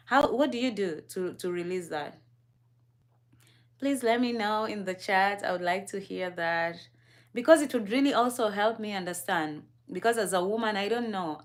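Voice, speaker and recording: A young woman from Kenya talks through a relaxed livestream with her co-host. Her voice sits at an ordinary middle pitch, and she sounds curious and easygoing. She laughs easily and keeps turning to the viewers in the chat.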